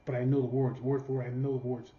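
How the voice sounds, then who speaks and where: A man's voice: medium pitch, flat delivery, fast talker. A man from California telling a rambling, profanity-filled family story in casual storytelling. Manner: profane, rambling, laughing at his own story. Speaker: vlogger. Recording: roomy, slightly dull sound.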